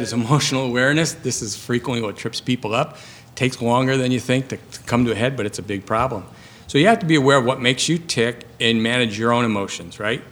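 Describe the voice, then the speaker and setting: A man's voice: mid-range voice, a bit bright. A man in his fifties, a surgeon giving a conversational lecture to residents in a hall, often checking in with "right?". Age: 50s. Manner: conversational, ends points with "right?". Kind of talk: lecture to a live audience.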